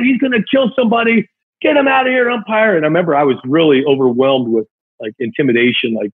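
A husky man tells a heartfelt story from his childhood, rambling and full of fillers. His voice comes through a thin, tinny phone line. He sounds like a former ballplayer chatting with a friend. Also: medium pitch. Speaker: guest, former big-league pitcher. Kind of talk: casual storytelling chat.

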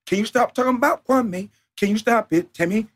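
Dude doing a whiny fussy guy, sing-songy and kinda high, mocking it. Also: brisk. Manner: mocking, sing-song repetition.

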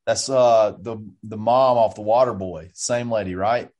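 A man's voice: fairly low pitch, darkish tone. Joking man chiming in. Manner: quick joking comebacks. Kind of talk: casual chat, reacting to a story.

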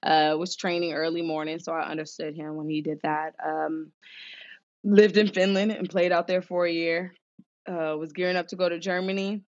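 Young woman, animated storyteller, lowish voice, lo-fi sound. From Southern California. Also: normal speed. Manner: animated, acts out quoted voices, many fillers. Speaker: guest, former pro basketball player. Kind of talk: casual storytelling interview. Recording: dull lo-fi sound.

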